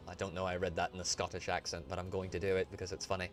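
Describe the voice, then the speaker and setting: A man's voice: low-pitched, monotone, racing, hardly any pauses, soft background music. A man streaming a role-playing game, reading the narration aloud with casual asides. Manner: casual asides between read passages.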